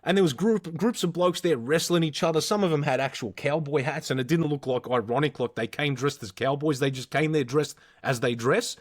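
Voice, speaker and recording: An Australian man in his thirties co-hosting a casual podcast, with a slightly high voice. He tells stories in an animated way and swears constantly. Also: brisk, hardly any pauses. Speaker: podcast co-host. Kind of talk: casual storytelling chat.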